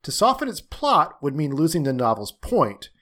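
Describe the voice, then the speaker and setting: A man hosting a film podcast over a video call, reading scripted intros with a wry, lively delivery. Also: a little high, normal speed. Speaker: podcast host.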